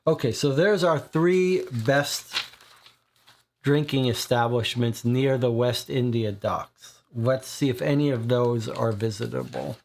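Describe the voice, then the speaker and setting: A board game player reading a detective case aloud, thinking aloud slowly and deliberately. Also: medium pitch, vocal fry, a little mellow, a little hiss or hum.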